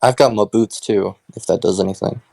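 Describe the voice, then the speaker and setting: Man, tabletop player, casual, gravelly low voice, dry. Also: fairly even intonation, a little fast, darkish tone, no room sound, poor audio. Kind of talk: casual chat.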